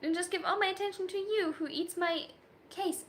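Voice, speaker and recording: A woman livestreaming as a story writer, chatting casually with her viewers in an animated way and laughing often. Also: very high voice, normal speed, slight background noise. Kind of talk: casual livestream chat, reacting to viewers' messages.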